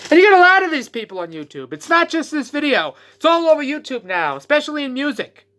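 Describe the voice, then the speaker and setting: Ranting vlogger, bright sharp tone, profane, sarcastic, mocking impressions. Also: sits high, very animated, quick pace. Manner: profane, sarcastic, mocks others in exaggerated voices. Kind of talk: ranting vlog.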